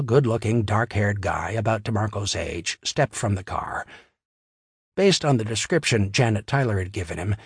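A man narrating a crime novel in a steady, wry storytelling manner on a close studio mic. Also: fairly low pitch, slightly rough, dry recording. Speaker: audiobook narrator. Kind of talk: scripted narration.

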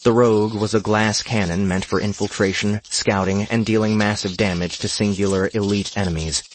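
A man reading a fantasy gaming story aloud in a steady narrating voice. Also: lowish voice, moderate pace, slight background noise.

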